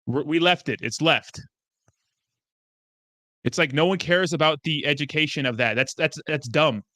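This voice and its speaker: Profane, bright-voiced crypto streamer man. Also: on the high side, moderate pace, no room sound, clean studio sound. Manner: profane, excitable, talks back to chat. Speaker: crypto YouTuber host. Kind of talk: livestream commentary answering chat.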